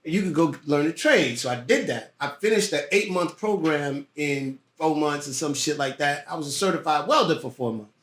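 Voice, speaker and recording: Profane storytelling man, high voice, roomy sound. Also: normal speed, few pauses. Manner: profane, lively storyteller who acts out voices. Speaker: guest actor. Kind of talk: casual podcast storytelling. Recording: roomy echo.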